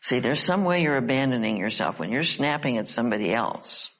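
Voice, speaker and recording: A man leading a live workshop, coaching a participant with calm, direct, probing questions. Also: medium pitch, brisk, rough recording. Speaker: workshop facilitator.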